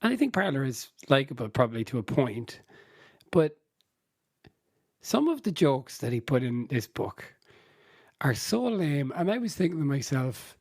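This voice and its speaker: A man's voice: mid-range voice, big pitch swings, moderate pace, pauses often, a little mellow, breathy edge, no echo, studio quality. A man co-hosting a podcast, chatting casually and laughing often as he rambles through his points. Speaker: podcast co-host. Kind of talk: casual chat.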